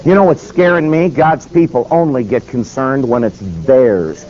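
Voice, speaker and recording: A man preaching a sermon with emphatic, animated storytelling. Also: mid-range voice, a little slow. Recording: dull lo-fi with faint noise.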